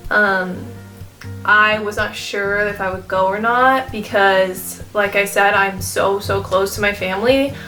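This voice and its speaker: A young woman chats to her camera in a loose, rambling way, full of fillers and restarts. Her voice is bright and clear, and she sounds emotional, close to tears. Soft guitar music plays faintly behind her. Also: medium pitch, steady tone, measured pace. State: tearful, emotional. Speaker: vlogger. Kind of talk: casual chat to camera.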